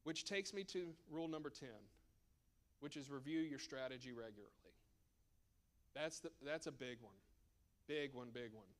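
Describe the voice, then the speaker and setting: A man's voice: mid-range voice, moderate pace, pauses often. A man presenting at a church seminar as a financial advisor, conversational and emphatic with joking asides.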